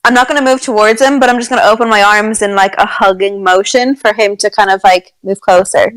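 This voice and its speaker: A woman playing a tabletop game, excitable and giggly as she describes her character's actions. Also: medium pitch, brisk, dry recording, low-quality recording. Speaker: player. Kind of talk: tabletop role-play.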